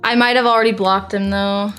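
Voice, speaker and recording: A woman's voice: medium pitch, fairly even intonation, fairly bright tone, soft background music. A young American woman streamer reading viewer messages aloud in a blunt, exasperated way. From United States. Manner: blunt and exasperated, quick to deny.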